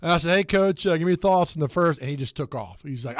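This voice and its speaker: A man hosting sports talk radio, telling animated anecdotes and laughing as he goes. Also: fairly high pitch, a little fast, hardly any pauses, dry recording, studio quality. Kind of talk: casual sports talk storytelling.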